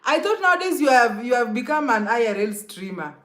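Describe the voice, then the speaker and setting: A woman's voice: fairly high pitch, very animated, brisk. A young Kenyan woman chatting casually on a live stream, greeting commenters by name and laughing often.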